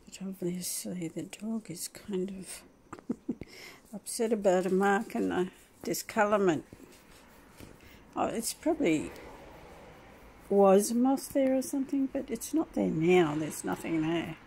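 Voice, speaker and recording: A woman talking casually at home in a vlog, chatting to her dog and rambling with frequent soft laughs. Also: mid-range voice, unhurried, gravelly, long pauses, a little hiss or hum. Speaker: vlogger. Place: at home indoors.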